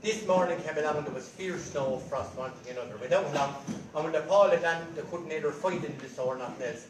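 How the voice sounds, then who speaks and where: A man's voice: a little high, fast talker. Echoey far-off Irish man telling jokes. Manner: lively, chatty comic storytelling. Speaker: storyteller. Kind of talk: telling jokes to a live audience. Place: large room at a rambling night. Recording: echoey room from far off, crowd. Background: audience laughing.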